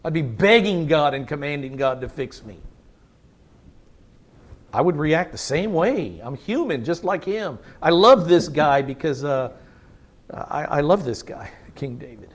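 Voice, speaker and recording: A man's voice: on the high side, expressive, unhurried, pauses often. A man pastor preaching a sermon, emphatic, repeating words for stress and asking the congregation questions.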